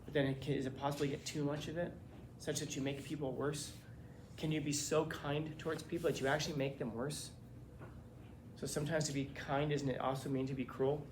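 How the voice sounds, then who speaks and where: A man lectures a classroom on philosophy in a slightly high voice, pressing his students with rhetorical question after question. He sounds animated and conversational. Faint room noise sits behind him. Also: a little fast. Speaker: teacher.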